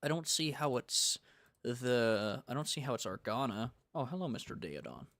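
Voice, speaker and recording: A man's voice: medium pitch, animated, moderate pace, a bit bright, dry recording. A young man from the United States chatting casually on a game-dev livestream, rambling and laid-back, full of slang. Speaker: game developer streaming.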